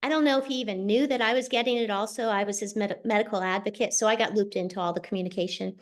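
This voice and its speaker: A middle-aged woman hosting a show, telling a personal story in a chatty, animated way over a video call. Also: mid-range voice. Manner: chatty, animated, quick asides. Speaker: host sharing a personal testimonial. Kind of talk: casual storytelling.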